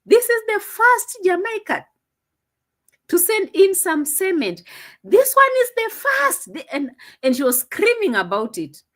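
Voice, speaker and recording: A woman's voice: extremely high pitch, sing-song, unhurried, a bit bright. A woman with a Swahili accent, chatting casually as she reacts to a video, teasing and repeating herself. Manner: chatty, teasing, repeats phrases, laughs often. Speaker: reaction commentator.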